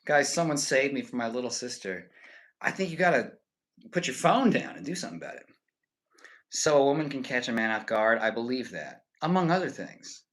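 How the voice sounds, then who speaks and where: A young man chatting casually with his stream viewers and rambling through animated stories full of fillers. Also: mid-range voice, a little fast, low-quality recording. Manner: rambling, animated storytelling full of "like" and "you know".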